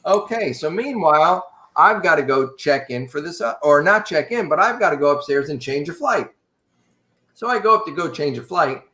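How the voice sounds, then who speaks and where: Man, casual storytelling, animated, wry, bright tone, echoey room. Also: fairly high pitch, normal speed, slight background noise. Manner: animated, wry, addresses host directly. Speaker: podcast guest. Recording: roomy echo.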